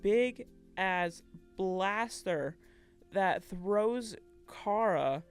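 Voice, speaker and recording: A woman's voice: mid-range voice, lively intonation, drawn-out words, clean tone, faint music behind. A woman co-hosting a podcast, recapping a game story in casual chat, acting out the characters' lines and laughing often. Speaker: podcast co-host.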